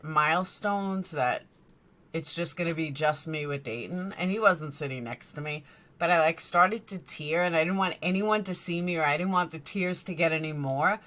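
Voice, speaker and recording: A woman's voice: lowish voice, moderate pace, a bit bright. A middle-aged woman hosting a casual live stream from her bedroom, rambling and chatting while greeting viewers by name. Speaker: true crime streamer. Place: bedroom lit by a screen.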